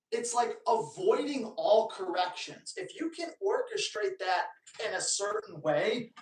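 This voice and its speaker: A man hosting a live dog training Q&A, giving blunt, emphatic advice in short, punchy commands. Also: high-pitched. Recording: roomy, distant from the mic.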